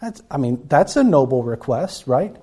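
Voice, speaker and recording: A man's voice: mid-range voice, very animated, normal speed, mellow, husky. A man preaching a Bible-teaching sermon, earnest and often repeating words as he acts out the people he quotes.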